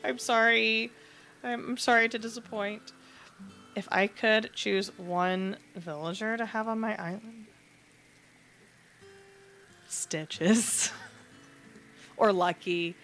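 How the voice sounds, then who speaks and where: A woman's voice: mid-range voice, takes it slowly, long pauses, a bit bright, soft background music. A woman streaming a game, chatting casually with her viewers in a rambling, self-deprecating way. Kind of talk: casual livestream chat while playing.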